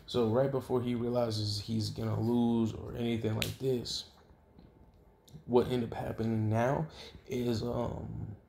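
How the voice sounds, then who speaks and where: A man casually retelling an imagined story, rambling with many fillers and restarts and getting loud and excited at the dramatic parts. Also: mid-range voice, unhurried, creaky, slight background noise. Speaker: fan-theory storyteller.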